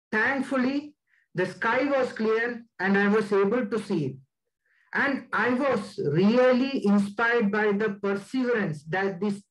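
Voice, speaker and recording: A man giving a slide presentation as a guest speaker, deliberate and stressing key words. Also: high voice, a bit bright, rough recording.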